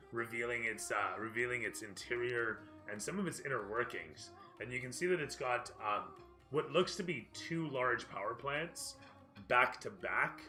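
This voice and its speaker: A man runs a tabletop game as dungeon master, narrating casually with plenty of fillers. His voice is bright, and faint music plays behind. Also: medium pitch.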